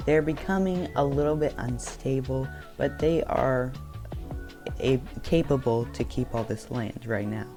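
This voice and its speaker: A young man talks through a map video in a relaxed, unscripted way. He pauses on fillers and corrects himself as he goes, at an ordinary pitch, with faint music underneath. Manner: loose and unscripted, many ums and self-corrections. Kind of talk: casual narration over a map.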